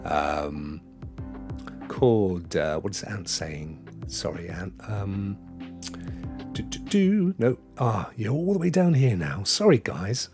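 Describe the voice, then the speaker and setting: A middle-aged British man chatting casually as a live stream host, excitable and reading viewer comments aloud. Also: medium pitch. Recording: faint background music.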